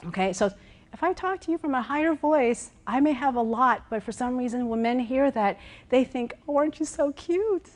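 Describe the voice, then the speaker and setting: A woman executive coach giving a lively workshop talk, walking around as she speaks, repeating words and checking in with her listeners. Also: on the high side, moderate pace. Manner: walks around while speaking.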